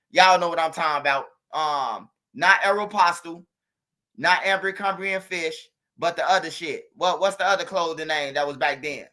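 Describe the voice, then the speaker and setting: A man with a high, bright voice tells a street story straight to his viewers. He is animated and slangy, swears freely, and mimics the sounds he describes. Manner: animated, slangy, profane, addresses viewers directly, imitates gunshots. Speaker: street news commentator.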